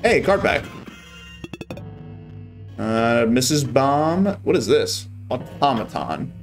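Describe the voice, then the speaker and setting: A man's voice: mid-range voice, sing-song, measured pace, faint music behind. A young man casually commenting on gameplay on a live stream, wry and a bit exasperated.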